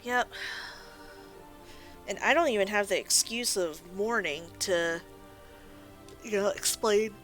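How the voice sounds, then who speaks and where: A woman's voice: medium pitch, slow pace, pauses often, fairly bright tone, faint music behind, rough recording. A tired woman casually chatting as she plays a game, rambling and poking fun at her own slips. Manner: rambling, self-deprecating, sleepy. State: tired, yawning. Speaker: let's play host. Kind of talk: relaxed gameplay commentary.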